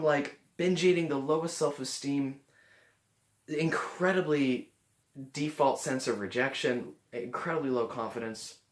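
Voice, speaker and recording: A man vlogging in a casual, earnest way, often restarting his sentences as he talks to the camera. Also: medium pitch. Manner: earnest, rambling with frequent restarts. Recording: roomy echo.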